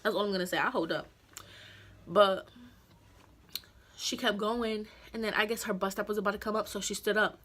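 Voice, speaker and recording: A young adult woman vlogger retelling a story in a chatty, animated way, full of slang and filler words. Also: mid-range voice, moderate pace, pauses often. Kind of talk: casual storytime vlog.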